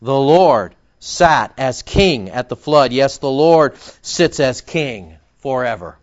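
Brief: confrontational male pastor, animated pitch swings, dull lo-fi recording. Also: slow pace. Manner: emphatic, confrontational, scolding. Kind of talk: sermon.

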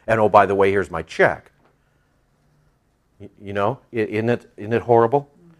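A middle-aged male pastor preaching a folksy, animated sermon, joking with his congregation and acting out voices. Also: fairly low pitch.

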